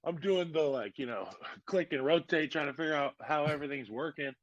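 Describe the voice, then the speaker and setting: A man's voice: fairly high pitch, brisk, no echo. Guy in his 30s on a podcast, casual and rambly, lots of "like" and "you know", dry muffled sound. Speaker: podcast guest. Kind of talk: casual storytelling. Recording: dull lo-fi podcast audio.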